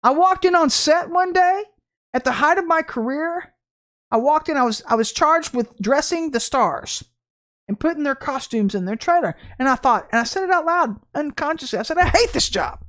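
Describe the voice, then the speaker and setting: A woman's voice: high voice, lively intonation, moderate pace, a bit bright. A woman from Texas giving an impassioned, blunt spiritual talk to the camera, emphatic and laughing between points. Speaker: Christian ministry speaker.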